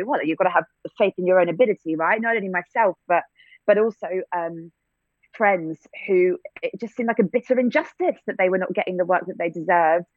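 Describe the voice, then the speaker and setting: A woman's voice: on the low side, no echo. Brief: English woman actor, thoughtful interviewee, dry close sound, thin phone-like line. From England. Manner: reflective, many restarts and fillers, light laughs. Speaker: actor and theatre-maker. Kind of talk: conversational interview answers.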